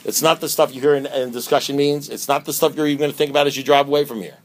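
A man giving a speaker talk at a recovery meeting, emphatic and preacher-like, with many rhetorical questions and swings between loud and hushed delivery. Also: mid-range voice, fairly even intonation, racing.

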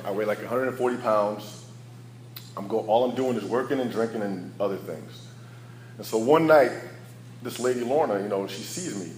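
A man's voice: fairly low pitch, echoey room, a little hiss or hum, low-quality recording. A man sharing his personal recovery story as a candid, storytelling speaker who laughs at his own past. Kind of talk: personal testimony talk.

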